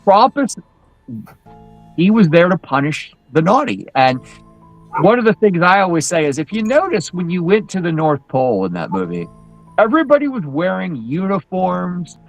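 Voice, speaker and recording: A man chatting casually on a live show as a guest in Krampus costume, telling animated stories with many restarts. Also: sits high, normal speed, muffled recording, soft background music. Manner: animated, acts out quoted voices, many restarts.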